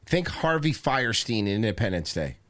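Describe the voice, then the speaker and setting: A man hosts a casual podcast chat with an excitable, profane edge. His voice is bright and forceful, and his pitch jumps all over. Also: moderate pace. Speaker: podcast host.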